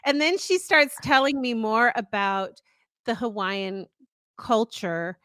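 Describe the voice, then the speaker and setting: A woman's voice: fairly high pitch, animated, slow pace, bright, forceful tone, clear, resonant tone, no echo. A middle-aged woman hosting a podcast, telling a long personal story in casual chat. She talks earnestly and rambles, often restarting her sentences. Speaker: podcast co-host.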